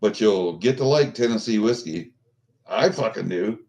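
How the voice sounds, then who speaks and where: A man's voice: on the low side, animated, moderate pace, darkish tone. A middle-aged man chatting casually with his livestream viewers, rambling and swearing, with lots of fillers and restarts. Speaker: vlogger chatting with live viewers.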